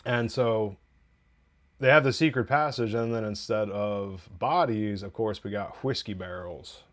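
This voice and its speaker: A man's voice: lowish voice, unhurried, fairly bright tone. A man hosting a TV review podcast, recapping an episode in a loose, chatty way with profane asides and laughs.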